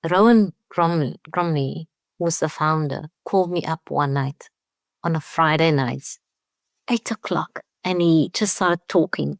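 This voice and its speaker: A woman's voice: sits low, a little slow, gravelly, dry recording, clean studio sound. A woman from South Africa, a winemaker, speaking as a guest in a conversational interview and telling stories with acted-out dialogue. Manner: warm storytelling, acts out quoted dialogue.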